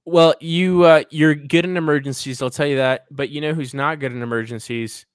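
A man's voice: a little high, fairly even intonation, moderate pace, smooth, no room sound. A man co-hosting a podcast in casual chat, teasing with dry, wry asides. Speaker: podcast co-host.

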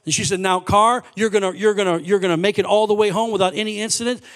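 A man with a high voice preaches to his church. He tells his story with lively swings, dropping to quiet asides and then rising to loud, ringing exclamations. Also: fast. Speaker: pastor. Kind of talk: sermon storytelling.

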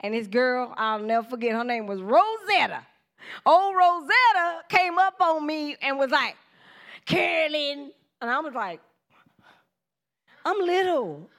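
High-voiced woman preaching with lively storytelling. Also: measured pace. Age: 40s. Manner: animated storytelling, acts out quoted voices, laughs often; informal church talk, addresses the congregation directly. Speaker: preacher giving testimony. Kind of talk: casual sermon testimony.

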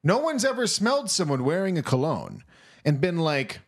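Podcast co-host, casual chat, blunt, swears, animated, lively pitch, mid-range voice. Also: moderate pace, breathy edge.

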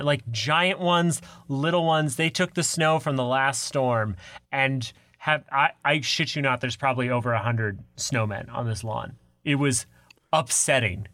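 A man chats loosely on a podcast, bright and forward in tone, laughing often between jokes. His voice is close and dry, with no room sound. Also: mid-range voice, dry recording. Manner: laughs often, jokey banter. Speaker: podcast co-host. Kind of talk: casual chat.

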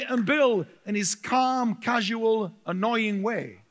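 A male pastor preaching a sermon, telling stories with humor, laughing often and getting very animated. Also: sits high, takes it slowly, few pauses, slight background noise.

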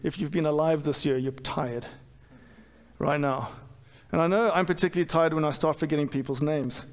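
A man's voice: a little high, steady tone, normal speed. Man preaching in a reverberant church hall. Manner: candid, self-deprecating, with frequent fillers and restarts. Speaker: pastor. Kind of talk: sermon.

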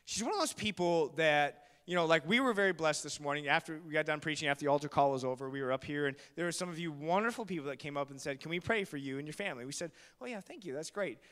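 A male pastor preaching a sermon in a church, telling stories with jokes and building to loud, shouted preaching. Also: fairly high pitch, fast talker, few pauses, smooth, in a large hall. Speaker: guest pastor.

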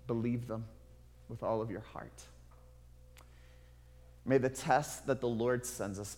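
A man preaching a sermon in an earnest, confessional way, moving from hushed to loud. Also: on the low side. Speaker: pastor. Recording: long hall reverb.

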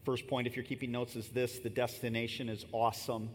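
A man's voice: level tone, a little fast. A pastor in his fifties giving a sermon in a conversational, storytelling way, with casual asides to the congregation. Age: 50s. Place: church sanctuary. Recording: long reverb and faint rumble in a large hall.

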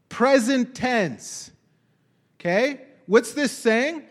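A man's voice: very high voice, slow pace. A young man preaching a sermon, reading scripture aloud and exclaiming in wonder as he questions his listeners. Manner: animated, exclaims and asks the congregation questions.

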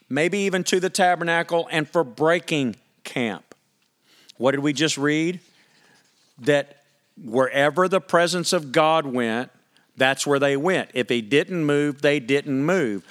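A pastor preaching a sermon, reading scripture aloud and asking the congregation questions in a conversational, emphatic way. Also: male voice, a little high, a bit bright.

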